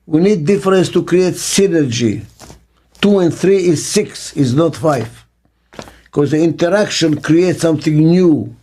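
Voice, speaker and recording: An older business consultant answers interview questions to camera in short, emphatic sentences, tossing in rhetorical questions. His voice is a little high, warm, and unhurried.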